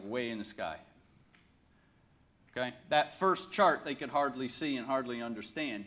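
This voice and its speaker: A man giving a lively storytelling talk at a conference, folksy and joking. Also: mid-range voice. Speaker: conference speaker.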